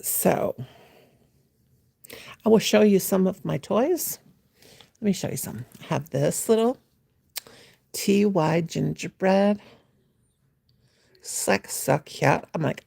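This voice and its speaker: Gravelly, rambling woman chatting on a livestream. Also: medium pitch, animated, slow pace, pauses often, mellow, dry recording. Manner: rambling, chatty, talks to viewers by name; teasing, playful, mimics a gushing voice. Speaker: livestream host. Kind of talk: casual livestream chat. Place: home at night.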